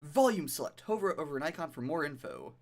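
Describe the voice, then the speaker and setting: A game streamer chats live in an animated, self-deprecating manner, at times reading game text aloud in a vague pirate accent. His voice is mid-range and fast.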